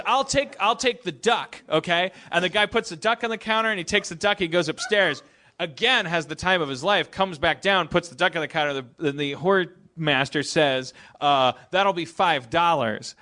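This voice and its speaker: A man's voice: high voice, moderate pace, sharp tone. Man fumbling through a joke. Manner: rambling, stumbling joke-telling with restarts and laughs. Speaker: podcast host. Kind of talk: live comedy podcast banter. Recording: live stage show with audience.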